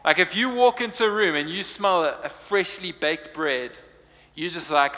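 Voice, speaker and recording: A man's voice: sits high, normal speed, bright, forceful tone, big-room sound. A young man preaching a humorous sermon, playful and chatty, laughing often. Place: church hall.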